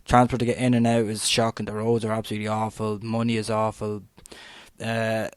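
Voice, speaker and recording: The speaker, a podcast host from Ireland in his twenties, rants bluntly and at length, cursing freely and leaning on the word "like." He sounds on the low side, monotone, brisk and smooth, on a dry recording.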